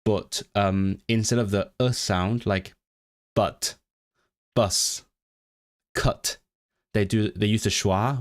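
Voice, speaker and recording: A man's voice: on the low side, steady tone, slow pace, long pauses. A man whose first language is Cantonese, hosting a casual livestream chat, rambling with many restarts and reading chat messages aloud. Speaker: livestream host.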